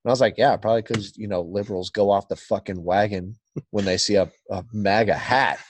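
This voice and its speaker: A man's voice: lowish voice, fairly even intonation, a little fast, breathy edge, no room sound. A man telling a story as a podcast guest, swearing freely and acting out the quotes. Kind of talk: casual storytelling.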